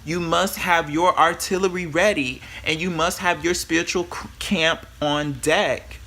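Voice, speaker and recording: A man, a spiritual worker, giving sassy, profane motivational talk to camera in a brash, animated way. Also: a little high, measured pace. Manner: brash, animated, swears freely, calls the viewer bitch and girl; repeats and restarts words when excited.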